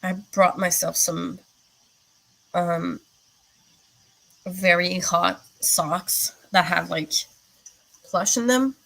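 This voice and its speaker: Slow, rambling low-voiced woman streamer. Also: steady tone, vocal fry, a bit bright, poor audio. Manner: rambling and chatty, with many fillers; replies to viewer comments as she goes. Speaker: livestream host chatting with viewers. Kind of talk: casual live-stream chat.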